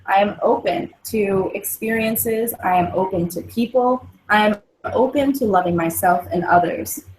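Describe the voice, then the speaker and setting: A woman's voice: medium pitch, moderate pace, a little mellow, a little hiss or hum, rough recording. A woman, a guest on a wellbeing talk show, explaining positive self-talk and mantras in an earnest, casual way. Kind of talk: casual chat.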